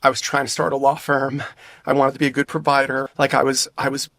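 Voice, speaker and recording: A man telling a personal story as a podcast guest, his voice pitched in an ordinary middle range. He sounds close to tears as he goes, and the recording is dry and close. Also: level tone, fast talker, fairly bright tone, no room sound. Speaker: divorce lawyer.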